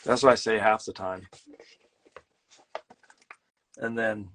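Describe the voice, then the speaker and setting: A man hosting a casual live stream while painting, telling a rambling, joking tall tale with many halting restarts. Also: lowish voice, fairly even intonation, a bit bright, slight background noise. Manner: halting, full of fillers and restarts. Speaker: host and illustrator.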